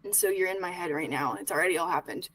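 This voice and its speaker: A woman playing Arlo, a grieving young man, talking in halting, pleading bursts that sink to whispers. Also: on the low side, fairly bright tone, poor audio.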